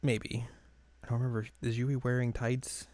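A man's voice: mid-range voice, flat delivery, moderate pace, darkish tone, dry recording. A man co-hosting a podcast, recapping an episode in casual chat, laughing often. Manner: laughs often, rambling recap with acted quotes. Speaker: podcast co-host.

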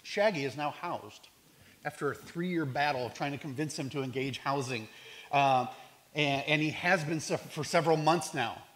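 A man's voice: a little high, moderate pace, fairly bright tone. A man who works in homeless outreach, telling stories about the people he serves in an earnest, reflective way, with some restarts. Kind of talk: storytelling talk.

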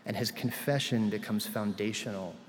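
A man's voice: lowish voice, moderate pace, big-room sound. A male pastor delivering a sermon, retelling scripture in a conversational way with casual asides.

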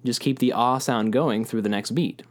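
A man with a mid-range voice teaches music with patient, clear explanations. He chants rhythm syllables while tapping a drum softly in time. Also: mid-range voice, moderate pace.

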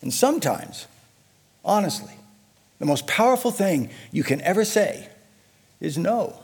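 A middle-aged male pastor preaching a sermon, emphatic, swinging from hushed lows to loud shouted declarations, with a husky voice. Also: very animated, measured pace, pauses often.

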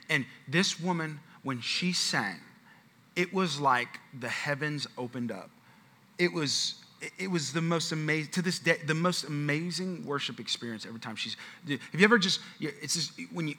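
A man's voice: on the high side, sharp tone. A male pastor telling a chatty story at a church Q&A, with lots of restarts and asides. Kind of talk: sermon-style Q&A at church.

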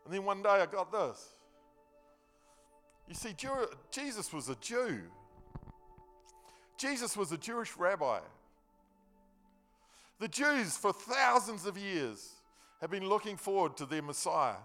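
A man's voice: high-pitched, sing-song, takes it slowly, long pauses, sharp tone, soft background music. A man preaching a sermon, telling the story earnestly and emphatically in a loose, conversational way with casual slang.

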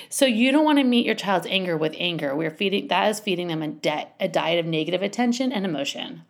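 A woman's voice: medium pitch, creaky. A woman giving casual parenting advice in a chatty, rambling way, full of asides and restarts. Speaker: parenting coach.

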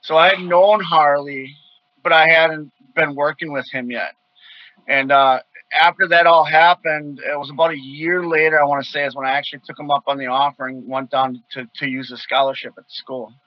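A man from Wisconsin tells stories in a casual, animated way, bursting into loud quoted voices. His voice sits a little high for a man. The sound is dry and slightly muffled. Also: normal speed, no room sound. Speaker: guest wrestler telling stories. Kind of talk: casual storytelling.

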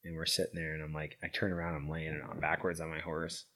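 A middle-aged man with a deep, low voice tells a story as an interview guest. His talk is loose and rambling, packed with fillers. He gets loud and animated, then drops to a hushed near-whisper. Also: fast talker, a little hiss or hum. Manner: rambling, filler-heavy, loudness swings from lively to hushed. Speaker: interview guest, founder of a veterans' horse program. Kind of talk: casual storytelling.

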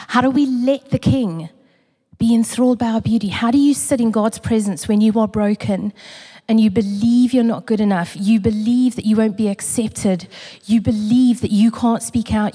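A woman sharing a personal testimony in a sermon, earnest and emotional, building through repetition and dropping to a hush. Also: a little high, normal speed, husky. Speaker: church community speaker. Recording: long reverb of a large hall.

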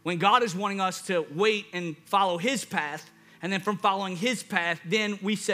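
A man preaching a sermon, energetic and emphatic, sometimes acting out people's reactions in a jokey voice. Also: sits high, normal speed, few pauses. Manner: acts out listeners in a jokey hyped voice.

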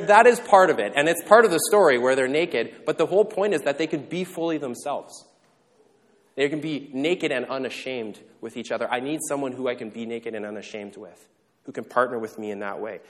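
A male pastor delivers his sermon in an easygoing, conversational way, breaking off for jokes and quick questions to the room. His voice sits at an ordinary middle pitch. It carries a long reverb, as if it were recorded in a large church sanctuary. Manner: casual and joking, with quick asides and questions to the congregation.

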